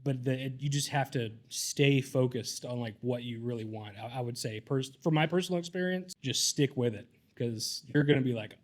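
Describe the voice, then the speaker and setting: A man's voice: mid-range voice, normal speed, hardly any pauses. Southern-raised man, panelist, loose rambling answer. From southern United States. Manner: rambling, repeats words at starts.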